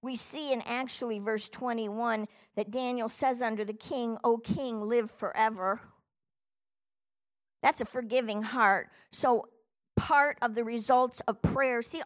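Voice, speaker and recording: A woman's voice: sits high, fairly bright tone. A middle-aged woman preaching a sermon, telling a scripture story with animation and reading verses aloud.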